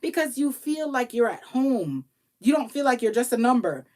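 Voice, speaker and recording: A woman tax professional giving casual motivational advice to viewers, animated and pleading, acting out little quoted exchanges. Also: fairly high pitch, normal speed. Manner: pleading, repeats herself for emphasis. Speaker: tax professional and business coach.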